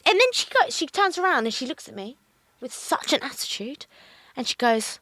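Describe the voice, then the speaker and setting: Animated woman telling a story. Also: sits high, a little fast, no room sound. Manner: animated, acts out the people in her stories. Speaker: podcast co-host. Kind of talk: casual storytelling chat.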